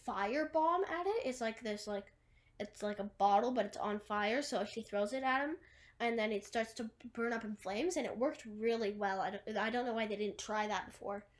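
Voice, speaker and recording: A woman's voice: fairly high pitch, moderate pace. A woman casually retelling a movie plot, rambling through long chains of "and then" and fillers, with wry asides. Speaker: movie recapper.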